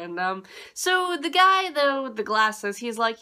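A woman giving a casual, rambling anime review, dismissive and quick to laugh. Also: medium pitch, animated, bright, forceful tone.

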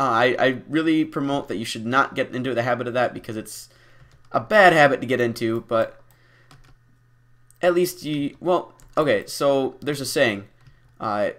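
A man giving casual, rambling commentary while playing a game, self-mocking and deliberately goofy, with lots of ums and restarts. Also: mid-range voice, a bit bright. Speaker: gameplay commentator. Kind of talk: casual Let's Play commentary.

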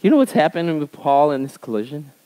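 A male pastor delivering a sermon, telling stories in a conversational way and swinging between emphatic raised passages and quiet, low asides. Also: big pitch swings, quick pace, poor audio.

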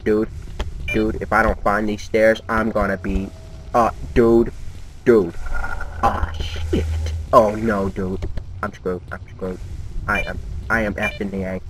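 A man's voice: lowish voice, flat delivery, takes it slowly. A man giving nervous, jumpy let's-play commentary while talking to himself. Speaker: gamer. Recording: noisy home game recording.

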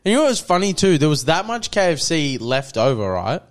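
A man's voice: on the high side, big pitch swings, fairly quick. A young man, co-hosting a podcast and telling long stories about a night out with friends. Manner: rambling storyteller, many fillers, quotes friends. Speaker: podcast co-host. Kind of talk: casual chat.

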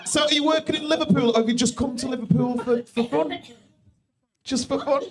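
A man with a strikingly high voice works the crowd from a comedy club stage, teasing people and rambling, often breaking off his own sentences. He talks into a handheld mic, and the live recording carries a clear layer of room noise behind him. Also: steady tone, brisk. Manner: rambling, teasing, self-interrupting. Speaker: stand-up comedian. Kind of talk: crowd work with the audience.

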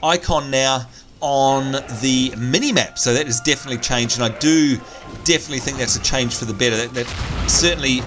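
A man's voice: medium pitch, fairly quick, over music. A man hosting a let's play, chatting casually and joking as he plays. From Australia. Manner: chatty, jokey, thinks aloud. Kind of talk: casual gameplay commentary.

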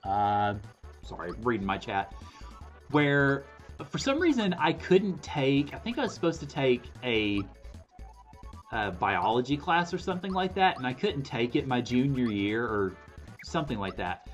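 Lively rambling man streaming. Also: a little slow, dull audio, soft background music. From Alabama. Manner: rambling, self-correcting, pitch swinging up when stressed. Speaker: game streamer. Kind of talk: casual stream chat.

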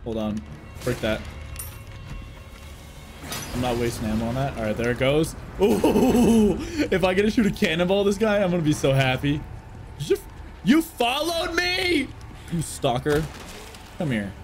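A young man giving live gameplay commentary as a streamer, swearing often and shouting at enemies. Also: medium pitch, brisk, pauses often. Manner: animated, swears a lot, laughs and shouts at enemies. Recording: game music in the background.

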